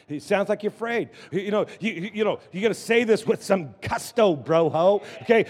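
A man preaching a lively sermon as pastor, drawing the congregation into call-and-response. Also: high-pitched, brisk. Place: church sanctuary. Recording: long church hall reverb.

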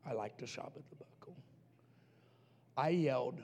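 A middle-aged male pastor from New Mexico telling a story in a sermon, playfully acting out voices and swinging from quiet asides to shouting. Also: medium pitch, normal speed, vocal fry, long pauses, highs cut off, a faint crowd. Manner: playful, acts out voices in his stories.

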